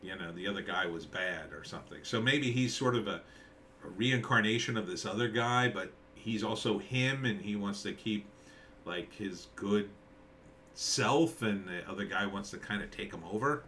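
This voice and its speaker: Middle-aged male screenwriter, low-ish pitch with bright, forceful tone, casual thinking-aloud trailer commentary. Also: normal speed, a little hiss or hum. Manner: rambling, thinking aloud with many fillers and restarts. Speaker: screenwriter reviewing movie trailers. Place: at home with a dog nearby.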